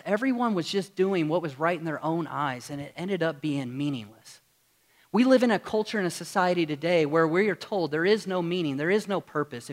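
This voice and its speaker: A pastor preaching a sermon to his congregation in a church, earnest and full of rhetorical questions. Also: high voice. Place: church sanctuary with screen.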